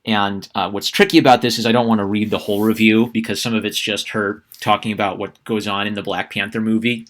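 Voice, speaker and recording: A man with a fairly low voice runs a sarcastic opinion vlog. He stumbles and restarts his sentences often, in a loose conversational way. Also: level tone, brisk, few pauses, a bit bright. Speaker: YouTube commentator.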